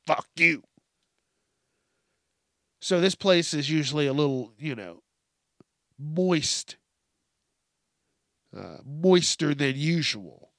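Man, podcast host, profane ranter, slow deliberate delivery, a bit high-pitched, allergy-stuffed, dry close sound. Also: expressive, no room sound. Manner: profane, ranting storyteller. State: congested from allergies. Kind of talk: solo call-in podcast monologue.

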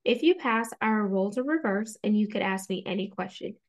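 A woman's voice: medium pitch, animated, a little fast. A woman hosting a podcast interview, with an upbeat, playful quiz-show delivery. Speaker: podcast host.

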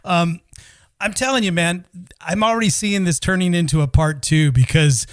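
A man's voice: sits high, normal speed, clear, resonant tone, no echo. A man hosting a podcast interview, enthusiastic and talking to his listeners as folks. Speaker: podcast host. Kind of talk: casual interview chat.

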